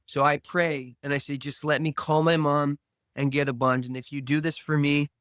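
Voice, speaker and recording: Earnest man slowly telling a story. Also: fairly high pitch, flat delivery, fairly bright tone, smooth, dry recording. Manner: earnest, slow storytelling with reenacted dialogue. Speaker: podcast guest. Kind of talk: personal recovery story.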